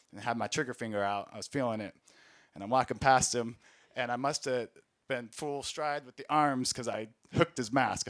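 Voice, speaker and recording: A man, an Army veteran, telling rambling, profane war stories in a casual comedy set and laughing at himself as he goes. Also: mid-range voice. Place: small recording studio space.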